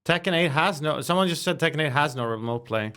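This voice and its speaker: A man's voice: fairly high pitch, fast talker. A man streaming a fighting game, cursing at his matches and then chatting on a call. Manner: excitable, swears at the game, then talks softly on a call. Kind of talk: casual gaming stream chat.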